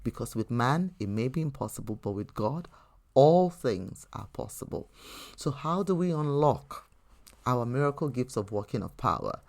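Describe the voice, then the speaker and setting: A woman's voice: a bass voice, lively intonation, moderate pace, gravelly, darkish tone. Earnest woman hosting a faith podcast. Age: adult. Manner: earnest, conversational, with frequent restarts. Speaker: podcast host. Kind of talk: faith teaching podcast with personal storytelling.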